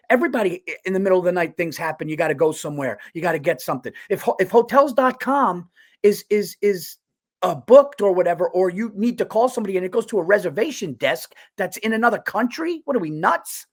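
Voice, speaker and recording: An exasperated man co-hosting a podcast, ranting through a story in a somewhat high voice. He speeds up in bursts and gets loud when worked up. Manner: animated, exasperated, fast bursts. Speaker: podcast co-host.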